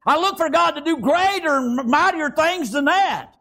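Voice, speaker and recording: Preacher guy, real high voice w/ gravel in it, keeps going amen praise god. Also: animated, normal speed, pushed and bright. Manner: fervent, repeats praise phrases and call-and-response "Amen?". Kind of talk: sermon.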